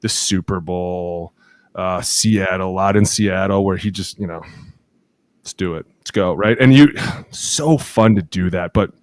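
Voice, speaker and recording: A man in his thirties, a podcast co-host telling lively locker-room stories, acting out quotes and laughing often. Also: low-pitched, measured pace, no echo, studio quality. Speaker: podcast co-host, former offensive lineman. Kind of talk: casual chat, animated storytelling.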